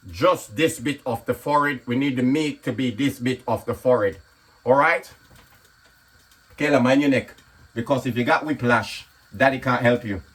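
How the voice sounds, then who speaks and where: A man's voice: mid-range voice, fairly bright tone, husky. A man talking casually through a home cooking video, often checking in with "okay?" as he explains. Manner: chatty, repeats "okay?" often. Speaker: comedian and cooking vlogger. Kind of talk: casual cooking vlog chat. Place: home kitchen.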